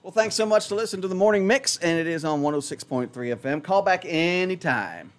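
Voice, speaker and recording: A man's voice: high-pitched, lively intonation, a little fast. A man hosting a morning radio show in a studio, chatting casually and poking fun at himself as he rambles. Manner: rambling, self-mocking, chatty. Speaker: radio host.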